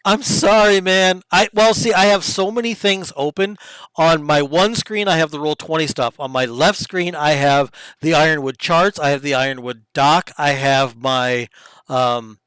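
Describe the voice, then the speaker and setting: A man's voice: a little high, moderate pace, a bit bright, smooth, no room sound, poor audio. A man acting as game master of an online tabletop game, laid-back and chatty, on a desk mic.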